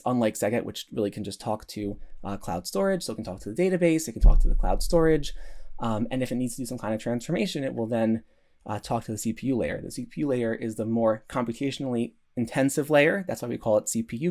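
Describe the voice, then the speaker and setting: A man's voice: mid-range voice, expressive, quick pace, a little mellow. A man giving a recorded conference talk, earnest, with many restarts and fillers. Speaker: conference speaker.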